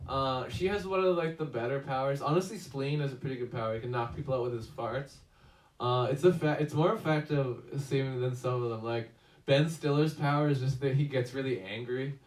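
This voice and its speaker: A man's voice: mid-range voice, fairly quick. Man, casual movie review host, rambling with fillers, roomy echo, distant mic. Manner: rambling, many fillers and restarts. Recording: echoey room, distant mic.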